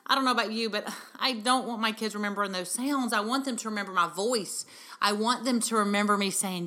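Her medium-pitched voice has a sharp tone and a fairly quick pace. This middle-aged woman, a parenting speaker and podcast host, earnestly motivates mothers in a heartfelt talk, asking lots of rhetorical questions.

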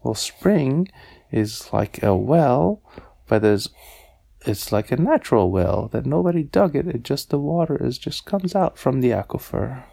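A man voicing a calm, knowing male frog in a bedtime story, explaining things patiently in a gravelly voice. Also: mid-range voice, measured pace, heavily acted.

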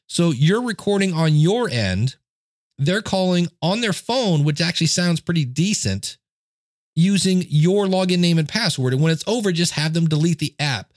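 A man's voice: on the high side, lively intonation, moderate pace, no echo. A man hosting a podcast, giving casual how-to advice on audio gear in a chatty, self-deprecating way, talking close into a studio microphone at his desk. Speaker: podcast host. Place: home desk setup. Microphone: dynamic studio mic, close.

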